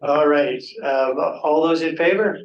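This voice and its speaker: A man chairs a formal council meeting in a measured, procedural way, pausing on frequent ums. His voice sits a little high for a man. He is picked up from across a reverberant chamber. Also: highs cut off. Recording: echoey room, voice from a distance.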